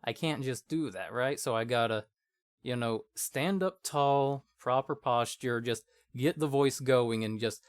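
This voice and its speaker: A man speaking as a guest in a casual chat, calm and measured in a reflective way. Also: medium pitch, smooth, no room sound, studio quality.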